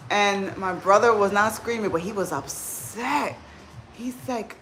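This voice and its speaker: A woman's voice: medium pitch, unhurried, a bit bright, soft background music. A woman hosting a casual livestream, telling heartfelt family stories and reading viewer comments aloud. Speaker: livestream host.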